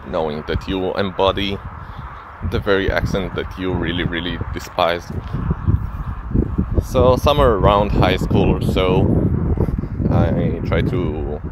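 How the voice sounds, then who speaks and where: A young man from Israel, a native Hebrew speaker with an Israeli accent leaning American, talking in a halting, thoughtful way in a casual vlog recorded outdoors. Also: low voice. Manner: halting, thoughtful, many pauses. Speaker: vlogger. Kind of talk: casual reflective monologue. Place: outdoors near a street. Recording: outdoor street noise.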